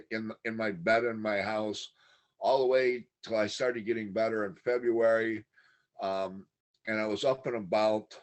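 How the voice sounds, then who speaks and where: A man talking as a podcast guest, telling a long personal story in a candid, matter-of-fact way. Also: on the low side. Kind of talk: casual interview storytelling.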